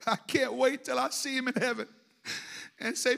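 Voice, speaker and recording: A middle-aged man preaching a sermon, telling emotional stories that swing from hushed to shouting. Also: very high-pitched, fairly even intonation, a little slow, vocal fry, long pauses. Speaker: pastor.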